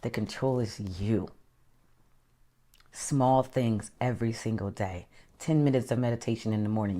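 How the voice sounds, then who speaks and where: A woman life coach with an extremely low voice gives an animated motivational talk at normal speed. She calls her listeners honey and child, sometimes dropping to a whisper for emphasis.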